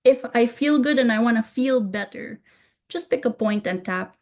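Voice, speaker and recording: A woman coaching viewers through tapping in a gentle self-help tutorial, softly repeating calming phrases. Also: on the high side, normal speed.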